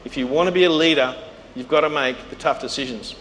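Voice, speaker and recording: A man's voice: medium pitch, fast talker. A middle-aged Australian man giving a storytelling business talk, acting out the voices of people he quotes. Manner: animated, acts out quoted voices. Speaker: keynote speaker. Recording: reverberant hall with faint noise.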